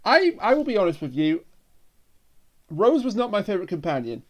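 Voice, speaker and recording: A man co-hosting a casual review podcast, wry and quick to laugh as he recaps scenes. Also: sits high, big pitch swings. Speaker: podcast co-host.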